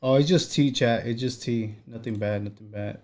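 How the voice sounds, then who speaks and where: A man's voice: medium pitch, normal speed, a little mellow, faint music behind. A man hosting a live stream, chatting loosely with his viewers and laughing off clips as he reacts. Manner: laid-back, chuckling asides to chat. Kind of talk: casual live-stream chat.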